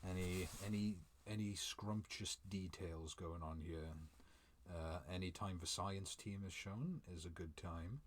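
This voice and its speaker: Deep-voiced man reacting casually. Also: a little slow. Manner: chatty, chuckles often, reads dialogue aloud. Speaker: manga reviewer. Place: room at home. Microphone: desk mic.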